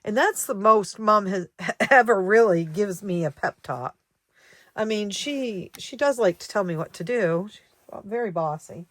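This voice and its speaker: Slow, halting older woman vlogger. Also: medium pitch, lively intonation, a bit bright, dry recording. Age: 60s. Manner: halting, with many ums and restarts; reflective, emotional, grieving. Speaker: savings vlogger. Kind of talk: personal vlog chat.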